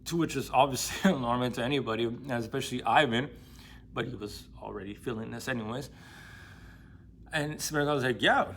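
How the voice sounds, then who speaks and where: A man's voice: mid-range voice, fairly quick, a bit bright, a little hiss or hum. A man casually retelling a novel's plot in loose, slangy speech full of fillers and restarts. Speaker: book discussion vlogger. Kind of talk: casual spoken book recap.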